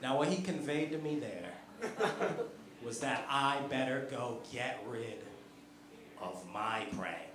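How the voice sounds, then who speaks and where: A male stand-up comedian telling family stories in an animated way, laughing at his own jokes, on a comedy club stage. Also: mid-range voice, slow, long pauses, heavy background noise. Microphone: handheld stage microphone. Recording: echoey club with loud crowd.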